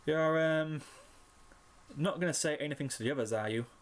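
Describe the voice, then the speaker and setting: A man's voice: fairly high pitch, moderate pace, pitched above the performer's own voice, natural voice. A man voicing a brash, tomboyish young female pegasus in a fan fiction reading, cocky and teasing but awkward about feelings.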